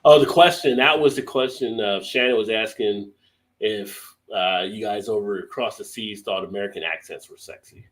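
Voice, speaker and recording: A man's voice: lowish voice, moderate pace, rough recording. A man hosting a casual live stream, chatting and reading viewer comments aloud, often laughing.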